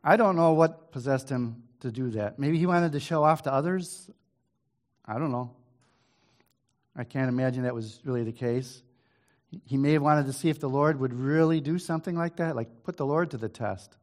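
A man leading an informal Bible study, reading scripture aloud and then talking it over in a plain conversational way, with hesitant restarts and the odd throat clearing. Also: medium pitch, moderate pace, darkish tone. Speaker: Bible teacher.

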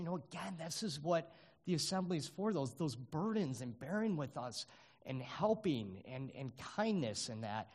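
A middle-aged man giving an informal sermon to his congregation, earnest and halting, with many fillers and restarts. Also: a little high. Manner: earnest, grows animated. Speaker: lay preacher.

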